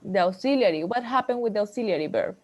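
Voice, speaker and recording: A woman's voice: mid-range voice, lively intonation, fast, darkish tone, highs cut off. Bilingual woman teaching an English class. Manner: explains in English, then repeats in Spanish.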